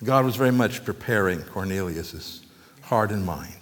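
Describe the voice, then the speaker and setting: A man's voice: fairly low pitch, lively intonation, normal speed, a bit bright, big-room sound. A man preaching a conversational sermon as pastor, with folksy joking asides to his congregation.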